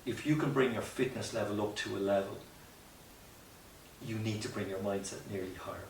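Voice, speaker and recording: A lowish-voiced man talks through his experiences with earnest, reflective restarts. He sits back from the mic in an echoey room. A faint hiss runs underneath. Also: brisk, far from the mic. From Ireland. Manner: reflective, earnest, many restarts and "you know" asides. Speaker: guest, mountaineer. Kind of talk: conversational storytelling interview.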